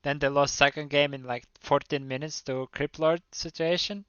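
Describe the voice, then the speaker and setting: Smooth-voiced man on a dull, dry mic. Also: a little high, steady tone, normal speed, fairly bright tone, dry recording. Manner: laid-back, recounts matches in detail. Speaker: co-caster. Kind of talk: casual game commentary.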